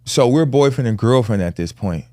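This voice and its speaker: A man's voice: medium pitch, animated, moderate pace, a little mellow, dry recording, clean studio sound. A man in his forties, a podcast co-host, telling a personal family story in casual with earnest emphasis. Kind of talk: candid conversational storytelling.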